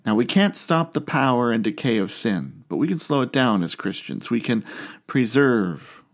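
A man's voice: mid-range voice, big pitch swings, moderate pace. A middle-aged man preaching a sermon as pastor, earnest and conversational, with asides and questions to the congregation.

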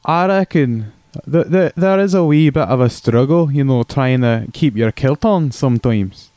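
A man's voice: medium pitch, lively intonation, moderate pace, mellow, no room sound, natural voice. Guy doing a fake scottish accent, crude rambly scotsman on the phone, dry sound. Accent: Scottish, put on. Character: crude stereotypical Scotsman cousin, gruff. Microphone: phone call.

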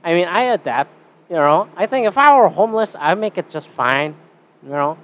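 A young Canadian man talks alone into a podcast mic in a loose, rambling rant. He swears constantly and drifts between sarcastic asides. His voice sits a little above the usual male pitch. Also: expressive, normal speed, a bit bright. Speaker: podcast host. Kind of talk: casual solo podcast rant.

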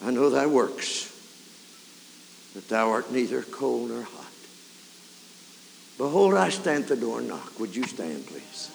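A man preaching a revival sermon, telling a story and building to fervent shouts. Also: medium pitch, expressive, measured pace, gravelly, pauses often. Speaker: evangelist preacher. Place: large camp meeting hall or tabernacle. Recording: 1990s camp meeting tape, hall reverb, faint hiss.

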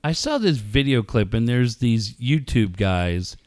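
A middle-aged man co-hosting a radio show, telling excitable stories in casual banter, swearing freely and acting out yelling. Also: medium pitch, unhurried, no room sound. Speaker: radio co-host.

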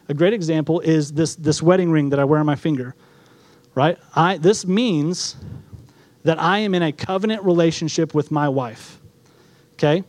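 A man's voice: fairly high pitch, moderate pace, darkish tone, no echo. A middle-aged male pastor teaching a sermon, earnest, using props and asking rhetorical questions.

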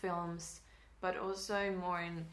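Woman chatting, slightly low voice. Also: slow pace. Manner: thoughtful, lively when amused. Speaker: podcast guest. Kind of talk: casual chat. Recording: roomy echo.

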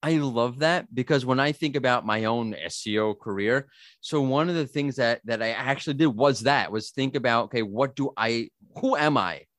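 A man's voice: mid-range voice, moderate pace, a bit bright, no echo, clean studio sound. A man from Brooklyn hosting a podcast, chatting casually with jokes about himself and rambling restarts. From Brooklyn, USA. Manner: joking, self-mocking, rambling with restarts. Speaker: podcast host.

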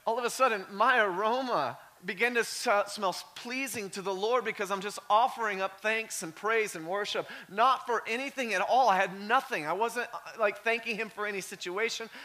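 A male pastor preaching a sermon in a conversational way, full of "like" fillers, moving from quiet storytelling up to shouting. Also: high voice, moderate pace, few pauses.

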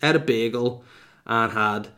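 A man's voice: medium pitch, a little slow, pushed and bright. A man telling a casual, profane, exasperated comic story as a vlogger. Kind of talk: casual ranting anecdote.

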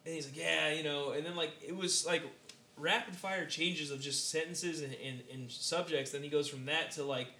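A man's voice: on the high side, normal speed, a little hiss or hum. A young man telling a rambling story in casual chat and acting out what people said. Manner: rambling, animated, acts out quotes. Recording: echoey room.

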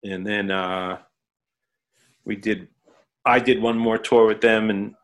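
A middle-aged man, a musician and producer, talking as a guest in a casual interview, halting with many fillers. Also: lowish voice, fairly even intonation.

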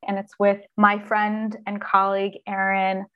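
A woman talks as an interview guest, earnest and expressive, and now and then she acts out inner voices. She speaks at an everyday middle pitch. She sounds like an experienced coach explaining her ideas. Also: unhurried, clean tone, dull audio. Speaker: author and executive coach, podcast guest. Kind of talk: conversational interview.

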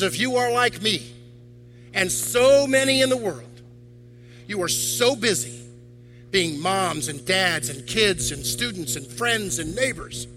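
High, bright-voiced man preaching. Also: rough recording. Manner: animated, rhetorical questions to the congregation. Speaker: deacon. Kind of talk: sermon. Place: church.

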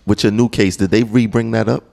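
A man's voice: lowish voice, steady tone, a little fast, vocal fry, a little mellow. A man hosting a casual interview, asking loose, curious follow-up questions.

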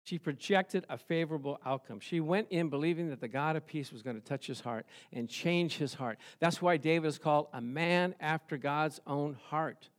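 A man preaching a sermon, telling the story with lively rhetorical questions and chuckles. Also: fairly high pitch, normal speed, hardly any pauses. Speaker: pastor.

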